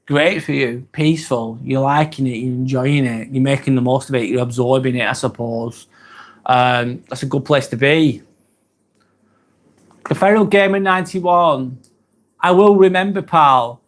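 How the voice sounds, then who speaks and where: A man's voice: medium pitch, fairly even intonation, unhurried. A man, hosting a live stream and chatting casually through viewer comments, earnest and hesitant, with many ums and apologies. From England. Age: 40s.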